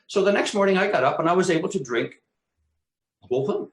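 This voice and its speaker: With a fairly high, animated voice and a quick pace, a talk show co-host casually acts out his own exclamations while telling a vivid personal story, swearing freely amid the room's echo.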